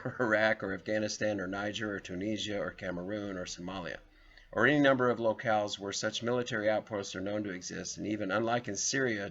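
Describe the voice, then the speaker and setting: A man's voice: fairly low pitch, creaky, fairly bright tone. A man, reading an article aloud and drifting into rambling personal stories, chuckling often. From Southern United States. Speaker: video host. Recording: dull lo-fi recording.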